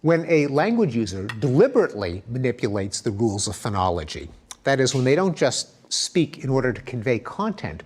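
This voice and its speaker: A man giving an academic lecture, explaining with lively emphasis and spoken examples. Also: mid-range voice, slight background noise.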